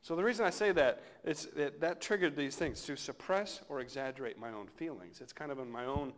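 A male pastor giving a sermon in a relaxed, conversational way, often trailing off softly at the ends of phrases. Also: fairly high pitch, fairly quick. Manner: conversational, reflective, often dropping to a soft close.

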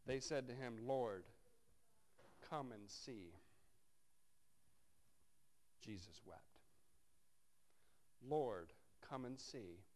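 A man's voice: medium pitch, animated, slow pace, darkish tone. A man preaching a sermon, reading scripture aloud and breaking off into wry, conversational asides to his congregation. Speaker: pastor.

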